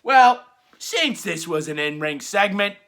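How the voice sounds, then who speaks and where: A rowdy man recapping wrestling for laughs, with a crude streak. His voice sits high with a gravelly edge and a sharp, bright bite. He talks slowly and swoops up and down, hollering his punchlines long and drawn out. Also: expressive. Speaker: wrestling show reviewer.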